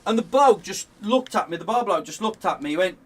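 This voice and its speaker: Guy, pretty high pitched, chatty story on stream, lots of laughing and restarts. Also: a little fast, husky, distant mic. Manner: animated, laughs often, rambling restarts. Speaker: guest on a game stream. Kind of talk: casual storytelling.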